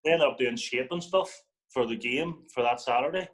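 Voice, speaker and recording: This clip has rough sound and a young man at medium pitch, speaking a little fast. He's a Northern Irish football guest recounting a story in casual chat, full of swearing and lively impressions of what others said.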